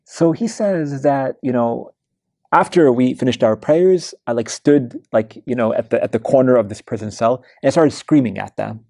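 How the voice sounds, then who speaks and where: A man's voice: mid-range voice, moderate pace, dark tone, no echo, studio quality. A man giving a weekly Quran study lecture, telling stories in a conversational way with many fillers and restarts. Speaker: religious lecturer. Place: mosque lecture hall.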